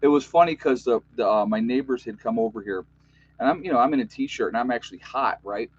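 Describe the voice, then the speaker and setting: A man's voice: medium pitch, quick pace, husky, lo-fi sound. Overtired man with a New York accent. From United States. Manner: rambling, chatty, joking, many fillers. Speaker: YouTube channel host. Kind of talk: casual livestream chat.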